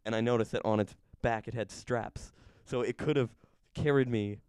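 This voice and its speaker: A man's voice: medium pitch, normal speed, a little mellow, smooth, no room sound, clean studio sound. A young man chatting casually, telling a rambling story and laughing at himself as he goes. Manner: rambling, self-amused storytelling. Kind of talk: casual chat.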